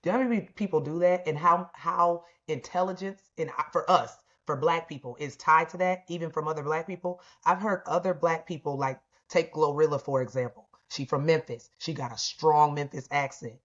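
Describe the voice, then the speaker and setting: A woman's voice: deep voice, steady tone, brisk, few pauses, lo-fi sound. A woman co-hosting a podcast, making her points in an emphatic, opinionated way. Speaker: podcast co-host. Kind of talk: casual podcast discussion.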